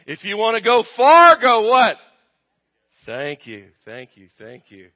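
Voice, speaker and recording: A man's voice: sits high, big pitch swings, a little slow. A man preaching a sermon to his congregation, asking them questions and waiting for answers, his volume rising and dropping. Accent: American. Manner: call-and-response with congregation, swings loud and soft. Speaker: pastor. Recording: dull lo-fi recording.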